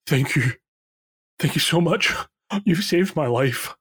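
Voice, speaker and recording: Man playing a dwarf fresh from the ice, shaken, thankful, pitch climbing. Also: takes it slowly, fairly bright tone, slightly rough, full character voice. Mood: grateful. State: shivering and shaken. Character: frightened, grateful male dwarf just thawed from ice.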